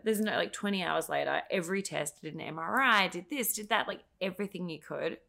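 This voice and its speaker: A woman telling her story as a podcast guest, animated and swearing freely as she acts out what others said. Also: mid-range voice, quick pace, gravelly.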